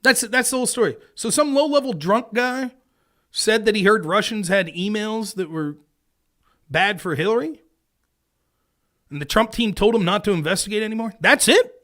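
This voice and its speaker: A man ranting on his home live stream, his voice sitting high and swinging widely as he works himself up. He swears freely, keeps tossing in "right?", and tells the story as an off-the-cuff monologue. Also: moderate pace. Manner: animated and profane, keeps asking "right?". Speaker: live-stream political commentator. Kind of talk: casual ranting commentary.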